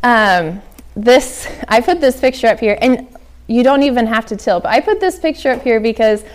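A woman's voice: on the high side, animated, moderate pace. A young woman from Oklahoma giving a casual workshop talk on flower farming, chatty with many ums and likes.

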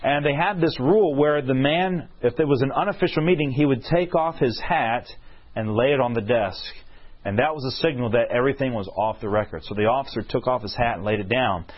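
A man delivers a sermon briskly in a mid-range voice, telling a story and posing questions to his listeners that he then answers himself. The recording is lo-fi, husky and dull.

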